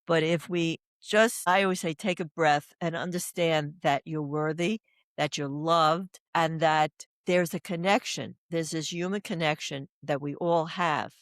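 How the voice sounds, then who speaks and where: An older woman telling rambling stories as a podcast guest, her voice sitting a little low for a woman. The sound is dry and close, with no room around it. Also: fairly even intonation, a little slow, no room sound. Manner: rambling, anecdotal storyteller. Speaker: oncology doula and guest. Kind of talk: casual podcast interview.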